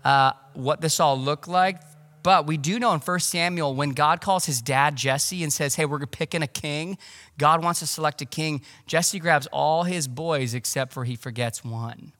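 A man preaching a sermon as pastor, conversational and animated, with casual asides. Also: a little high, measured pace, in a large hall. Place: church.

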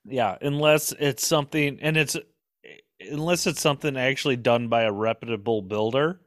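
A man's voice: medium pitch, fairly even intonation, moderate pace, no echo, studio quality. A man from the Midwest chatting casually on a podcast, laid-back, saying dude a lot with plenty of fillers. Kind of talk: casual chat.

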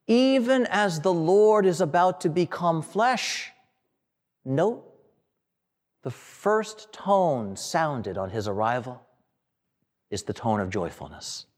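A man preaching a sermon in a slow, dramatic way, with long pauses and phrases that fall away at the end. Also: medium pitch. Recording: long hall reverb.

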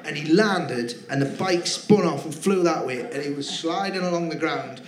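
A man's voice: fairly high pitch, moderate pace, a crowd in the background. A male comedian guest telling rambling, giggly anecdotes in a live podcast interview. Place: theatre stage with live audience. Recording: roomy theatre, audience laughter.

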